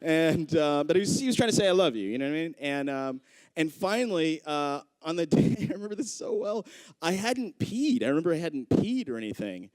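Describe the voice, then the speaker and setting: Animated male stand-up comedian, smooth voice. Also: brisk, no echo. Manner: animated, acts out quoted people with big pitch jumps. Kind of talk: live stand-up storytelling. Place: live comedy club stage.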